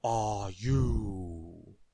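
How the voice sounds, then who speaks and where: A man doing a booming stern giant. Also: fairly even intonation, no echo. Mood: thundering. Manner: thundering, bellowing, slow and loud.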